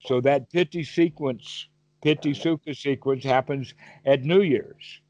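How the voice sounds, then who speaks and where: A man teaches meditation in a Dhamma talk held over a call, questioning his listener and drawing vivid examples from daily life. He speaks unhurriedly in a mid-range, slightly mellow voice, and the audio is muffled.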